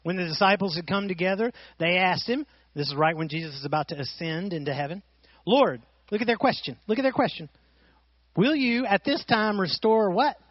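A man's voice: high-pitched, lively intonation, fast, dry recording, dull audio. A man preaching a sermon as pastor, reading scripture aloud and asking his listeners rhetorical questions.

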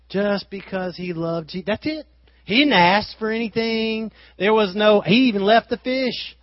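A man preaching with a fairly high voice. He swings from loud, driven emphasis down to quiet, intimate asides. The sound is dry and a little dull. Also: unhurried, no echo. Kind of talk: sermon.

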